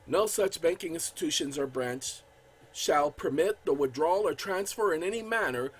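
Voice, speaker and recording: A man running his own channel casually talks viewers through a legal document as he edits it on screen, emphatic and calling them y'all. Reading the legal text aloud, he stresses key words and often stammers and restarts. His voice is a little high, animated and husky, at a normal speed.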